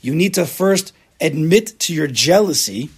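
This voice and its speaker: A man teaching a Torah class to a room of listeners, animated and acting out people's inner voices, with Hebrew terms mixed in. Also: a little high, a little slow, breathy edge. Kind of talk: classroom lecture with student questions.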